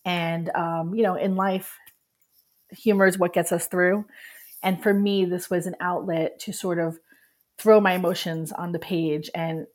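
A middle-aged woman, a writer appearing as a guest, tells a personal story candidly and with feeling, laughing at times as she remembers. Her voice is fairly low and darkish, with little pitch movement and a measured pace.

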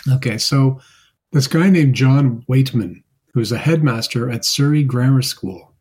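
A man's voice: medium pitch, measured pace, a little mellow, husky. A man co-hosting a casual music podcast, chatty, laughing and repeating himself. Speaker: podcast co-host. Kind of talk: casual chat.

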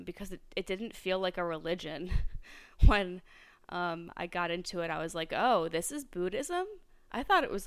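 A woman's voice: on the low side, gravelly, fairly bright tone, clean tone, no room sound. A woman hosting a solo podcast, talking reflectively with lots of fillers and restarts. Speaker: podcast host.

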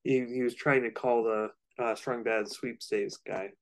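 A man's voice: medium pitch, steady tone, a little slow. A man co-hosting a podcast in casual chat, rambling a little with fillers. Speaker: podcast co-host.

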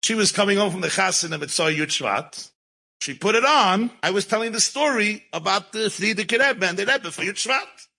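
Animated man telling a story, bright voice. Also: sits high, moderate pace, vocal fry, low-quality recording. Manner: animated, mixes Yiddish and Hebrew words into English. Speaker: rabbi and storyteller. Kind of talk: storytelling talk.

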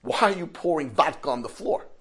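A man's voice: a little high, very animated, a little fast, a bit bright, husky, pitched above the performer's own voice, heavily acted. A man voicing an older rabbi who questions sharply in disbelief. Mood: incredulous. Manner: incredulous, rising questioning. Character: puzzled older male rabbi.

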